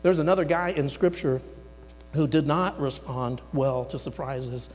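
Male pastor, slightly high voice, theatrical sermon delivery with big dynamic swings; long reverb, light hum. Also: a little slow, soft background music. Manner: dramatic, voices the words of God and Moses; swings between loud emphasis and near-whispers. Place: church sanctuary.

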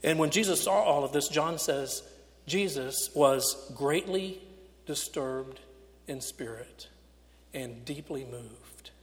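A male pastor preaching a sermon, retelling a story with dramatic swings between loud and hushed delivery. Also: fairly high pitch, slow. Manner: dramatic retelling, acting out quotes with big swings in loudness. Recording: long hall reverb.

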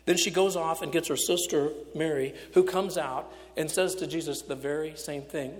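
A male pastor preaching a sermon, retelling a story with dramatic swings between loud and hushed delivery. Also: a little high, fairly even intonation, normal speed, few pauses, slight background noise. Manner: dramatic retelling, acting out quotes with big swings in loudness. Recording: long hall reverb.

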